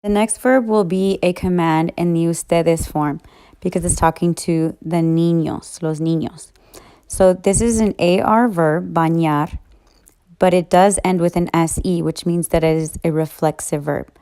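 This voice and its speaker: A woman's voice: fairly low pitch, fairly even intonation, measured pace, dark tone, clear, resonant tone. A woman teaching Spanish grammar in a recorded lesson, patiently walking through each rule one step at a time.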